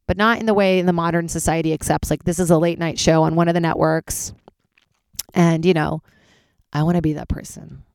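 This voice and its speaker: A woman stand-up comedian hosting her own podcast, rambling casually, swearing freely and jumping wildly in pitch. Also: a little fast, clean tone, no room sound, studio quality. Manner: animated, swears freely, big jumps in pitch.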